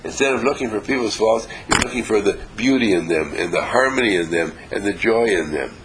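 A man's voice: fairly low pitch, animated, fairly quick, fairly bright tone, a little hiss or hum, poor audio. A man giving a motivational talk to a small group, emphatic and repetitive, often chuckling. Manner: acts out quoted voices, chuckles often. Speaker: inspirational speaker.

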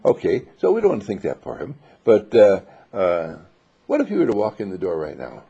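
Gravelly, husky man giving an animated spiritual talk. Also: fairly low pitch, brisk. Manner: animated, acts out quoted voices; laughs between phrases. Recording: dull lo-fi recording.

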